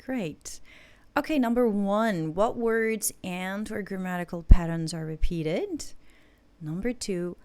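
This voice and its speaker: A woman English teacher giving a recorded listening lesson, explaining points slowly and checking in with her students. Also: medium pitch, a little mellow.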